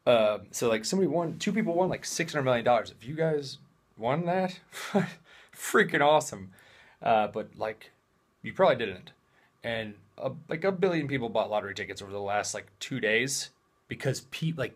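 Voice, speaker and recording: A man's voice: mid-range voice, animated, moderate pace. Hyper jokey young man vlogging. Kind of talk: casual vlog.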